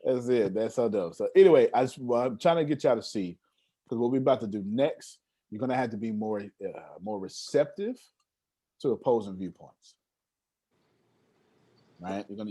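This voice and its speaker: A man leads an online meeting over a video call, and his voice swings up and down in lively waves. He talks in a casual, streetwise way and keeps circling back to repeat his points. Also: medium pitch, normal speed, breathy edge. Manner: animated, streetwise slang, repeats himself. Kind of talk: casual motivational talk.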